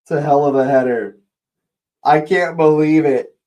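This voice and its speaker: A man hosting a live fan watch-along, calling the match as it happens and shouting at the big moments. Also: on the high side, fairly even intonation, moderate pace.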